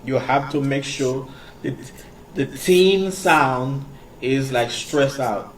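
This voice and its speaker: A man teaching English in a casual, halting way, with many fillers and repeated words. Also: mid-range voice. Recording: distant mic with faint background noise.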